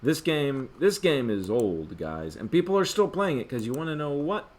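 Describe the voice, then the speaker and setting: An older man giving a casual rant about a video game, swinging between loud outbursts and muttered asides. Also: a little high, wildly swooping pitch, normal speed, few pauses. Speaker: gaming commentator.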